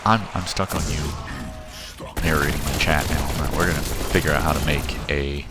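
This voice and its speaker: Low-voiced man chatting over game music. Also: fairly even intonation, moderate pace. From Missouri, US. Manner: rambling, chatty, answers chat messages aloud, self-correcting. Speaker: game streamer. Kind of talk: casual live-stream chat while gaming. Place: home at night. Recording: game music and gunfire under voice.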